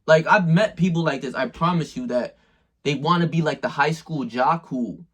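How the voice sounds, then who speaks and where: Guy with a slightly high husky voice, cussing and using slang while giving self-help tips to camera. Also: moderate pace. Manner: slangy and profane, talks straight to the viewer. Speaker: self-improvement video maker. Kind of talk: casual motivational monologue.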